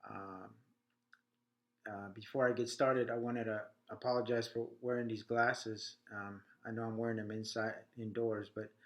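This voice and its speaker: A man talks to the camera indoors, pausing often with fillers as he speaks. He sounds a little short of breath, and his voice sits at an ordinary middle pitch. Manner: halting, many fillers. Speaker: veteran video blogger. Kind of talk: casual talk to camera.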